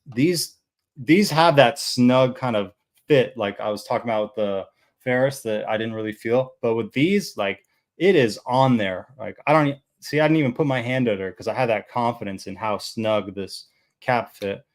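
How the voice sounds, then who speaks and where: A man's voice: medium pitch, normal speed. Rambling young man reviewing fragrances. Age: about 30. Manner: rambling and relaxed, full of "like" and "uh"; enthusiastic about scents. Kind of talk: casual chat.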